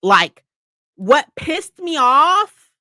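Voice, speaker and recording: A woman's voice: high-pitched, extremely slow, no echo, clean studio sound. A woman hosting a casual live-stream book club, ranting about a book with lots of swearing and frequent laughs. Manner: animated, profane ranting; laughs often.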